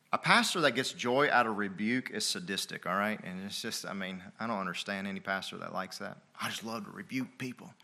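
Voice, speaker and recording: A man's voice: fairly low pitch, bright, forceful tone. A man preaching a sermon as pastor, folksy and emphatic, firing rhetorical questions at the congregation.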